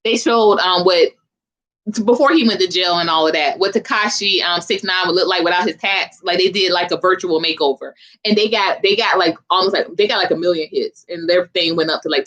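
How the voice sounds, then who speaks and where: A woman's voice: lowish voice, a little fast, a bit bright. Young woman from philly, chatty livestream host, talks slangy and straight to the viewers. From Philadelphia. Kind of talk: casual livestream chat with viewers.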